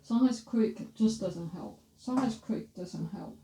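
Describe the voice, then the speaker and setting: A woman teaching pronunciation, repeating words slowly and correcting herself as she goes, in a casual lesson. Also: medium pitch, heavy background noise. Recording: roomy, slightly distant mic.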